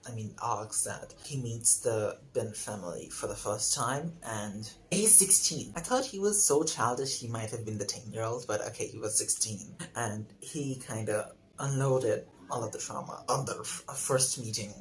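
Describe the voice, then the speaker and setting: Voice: mid-range voice, moderate pace, hardly any pauses, slight background noise, rough recording. A young adult reviewing a book in a casual vlog, ranting in an exasperated, sarcastic way and swearing freely.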